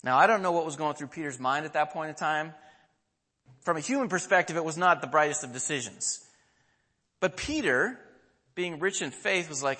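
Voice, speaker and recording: Animated preacher in a big echoing hall. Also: male voice, fairly high pitch, moderate pace. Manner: animated storytelling, acting out quotes, asking the audience questions. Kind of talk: sermon. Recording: long hall reverb.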